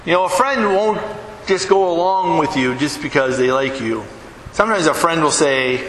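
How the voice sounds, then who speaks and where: A man's voice: fairly high pitch, big pitch swings, moderate pace, a bit bright. A middle-aged man preaching a conversational sermon to his church, often asking the congregation "right?" as he talks. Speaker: pastor. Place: church hall. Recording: echoey hall with room noise.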